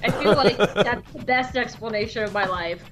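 A woman's voice: mid-range voice, normal speed, over music. A woman co-hosting a podcast, chatting in a giggly, playful way. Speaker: podcast co-host. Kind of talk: casual podcast chat.

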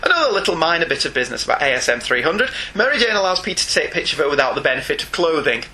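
Teasing Northern English man, lively pitch. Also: very fast. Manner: teasing and jokey, laughs often. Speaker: podcast co-host. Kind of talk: casual chat, reading listener emails.

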